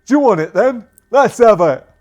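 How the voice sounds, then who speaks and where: Man doing a squeaky young pirate lad. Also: lively intonation, normal speed, faint music behind. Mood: cocky. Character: brash young male pirate, cocky then meek.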